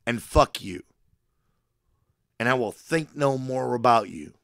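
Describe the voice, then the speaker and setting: A forties-aged livestreamer speaks slowly in a creaky, mid-range, slightly bright voice with lively intonation. He harangues his chat in mock-sermon style, oscillating between profane, boastful threats and affectionate declarations. Clean studio sound, no room sound.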